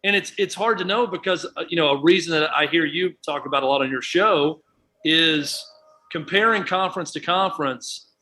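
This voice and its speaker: Bright-voiced male sports commentator. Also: on the high side, moderate pace. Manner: thoughtful, reasons things through aloud. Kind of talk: sports talk radio.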